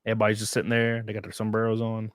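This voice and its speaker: A man's voice: fairly low pitch, monotone, racing, clear, resonant tone, no echo. A man in his thirties streaming a casual chat, crude and joking, laughing often and throwing in silly voices. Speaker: streamer host.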